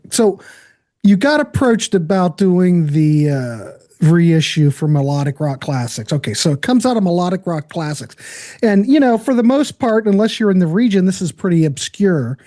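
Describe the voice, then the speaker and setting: A man's voice: high voice, mellow. A man hosting a casual interview, chatty and keen on rock music, asking long winding questions. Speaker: host.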